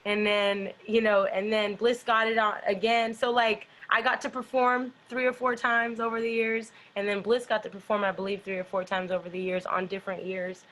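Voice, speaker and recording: A middle-aged woman, the founder of a dance company, chats as a guest in a casual interview about her troupe. Her mid-range voice is a bit bright, with little pitch movement, a moderate pace and hardly any pauses, and she tells rambling stories packed with fillers. The recording is low quality.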